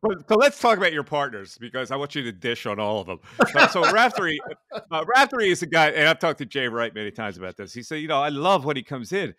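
Bright, chatty male podcast host. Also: on the high side, very animated. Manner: chatty, jumps in with quick prompts. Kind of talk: casual sports talk interview.

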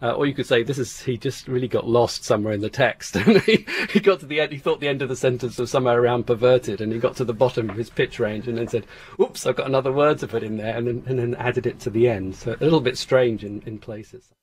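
Hesitant man explaining speech pitch. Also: fast talker, a little mellow, slightly rough. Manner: hesitant, restarts, laughs easily. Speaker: phonetics expert. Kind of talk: explaining in an interview.

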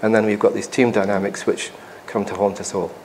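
Pilot giving an emphatic conference talk. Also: male voice, lowish voice, little pitch movement, brisk, background noise. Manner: conversational and emphatic, with asides to the audience. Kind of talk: conference presentation. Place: conference hall.

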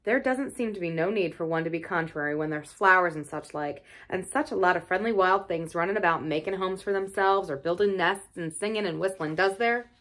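A woman's voice: on the low side, a little fast, hardly any pauses, a bit bright, lightly acted. A woman voicing a cheerful twelve-year-old moorland boy with a broad Yorkshire dialect and an easygoing, earthy manner. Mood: friendly.

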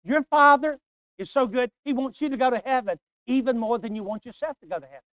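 An older man preaching a sermon, emphatic and repetitive, swinging from hushed asides to loud declarations. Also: very high-pitched, quick pace, smooth, dry recording.

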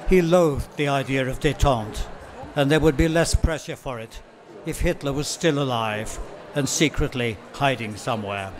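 A man speaking as a literary translator at a book-fair talk, reading excerpts in a measured way with occasional ums and self-corrections. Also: mid-range voice.

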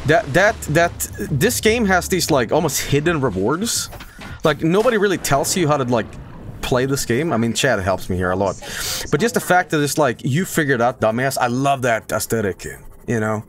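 A man streaming a video game live, talking to his chat in a casual, excitable way, swearing often and breaking into loud repeated exclamations. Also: mid-range voice, a little hiss or hum. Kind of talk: live gameplay commentary.

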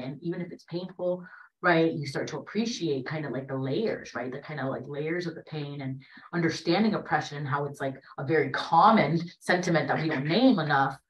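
Woman, late thirties, lowish voice, conversational storyteller, keeps saying "right?", roomy echo, distant mic. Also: fairly bright tone. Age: late 30s. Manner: conversational, tags sentences with "right?". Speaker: panelist in a dialogue gathering. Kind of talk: personal storytelling in a panel conversation.

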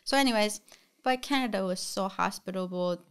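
A middle-aged woman from the Middle East tells her story in an interview, her voice smooth and clean. She speaks at a middle pitch and keeps the story moving with lively restarts. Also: moderate pace. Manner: animated storyteller, often resets with "so anyways". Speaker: guest, florist and talk show host.

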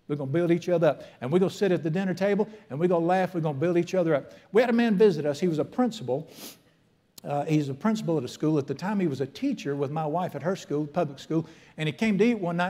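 A man's voice: on the high side, warm tone. A middle-aged man, preaching a folksy, emphatic sermon as a pastor in a church. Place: church sanctuary.

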